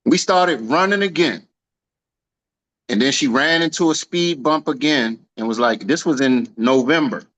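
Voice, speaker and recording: A man giving a casual celebratory speech on a video call, telling a lively slangy story and acting out the dialogue. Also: mid-range voice, normal speed, hardly any pauses, poor audio. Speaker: team leader honoring an agent.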